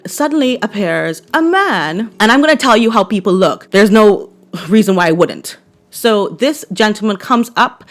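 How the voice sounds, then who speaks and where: Barbadian woman, vlogger, casual storytelling to camera, animated, checks in with viewers. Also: medium pitch.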